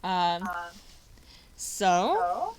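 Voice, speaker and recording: A woman's voice: lowish voice, very animated, drawn-out words. A woman narrating as game master, casual and hesitant with many fillers. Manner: casual, hesitant, laughing often.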